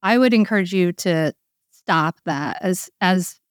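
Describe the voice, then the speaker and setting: A woman's voice: on the low side, a little slow, no echo, studio quality. A woman working as a parenting coach, explaining earnestly and often checking in with "right?". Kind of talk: coaching conversation.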